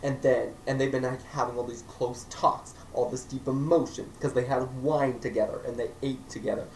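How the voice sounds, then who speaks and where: A man's voice: mid-range voice, fairly even intonation, moderate pace, darkish tone. A man reviewing a movie in a casual, joking way, acting out characters in silly voices. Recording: echoey room, mic at a distance, faint noise.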